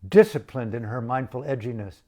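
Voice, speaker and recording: A man's voice: medium pitch, fairly quick, warm tone. An older man giving an impassioned activist monologue, fervent and rhetorical, building long repeated lists. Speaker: activist speaker.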